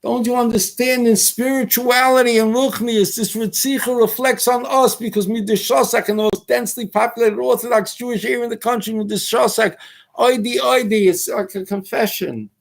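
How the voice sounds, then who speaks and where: A man's voice: very high-pitched, fairly even intonation, normal speed, gravelly. A man hosting a talk show, delivering an emphatic, preachy political monologue full of rhetorical questions and Hebrew and Yiddish terms. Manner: rhetorical questions, mimics critics' voices. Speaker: radio talk host.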